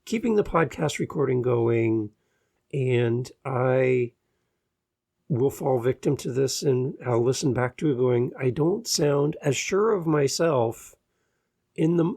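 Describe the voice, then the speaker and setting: A man's voice: medium pitch, unhurried, gravelly, darkish tone. A Canadian man hosting a podcast, giving advice in an earnest, easygoing and self-deprecating monologue. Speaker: podcast host.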